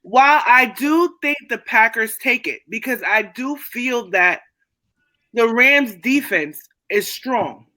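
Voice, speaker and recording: A woman with a bright, forceful tone and a fairly high voice argues her sports picks in casual podcast banter. She is assertive and keeps the floor when interrupted. The sound is close and dry. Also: animated, takes it slowly, no echo. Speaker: podcast co-host.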